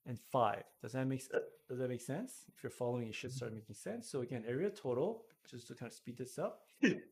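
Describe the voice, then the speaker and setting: A man's voice: medium pitch, expressive, brisk, a little mellow, slightly rough. A man teaching a math lesson, thinking aloud as he works through problems and corrects himself, while hiccuping. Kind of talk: screen-recorded math lesson.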